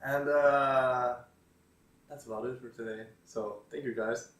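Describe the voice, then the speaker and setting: A man's voice: medium pitch, fairly even intonation, measured pace, fairly bright tone. A man casually commenting on tweets in a hesitant way, with lots of fillers and dry sarcastic asides. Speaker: YouTuber reading tweets. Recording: roomy echo, distant mic.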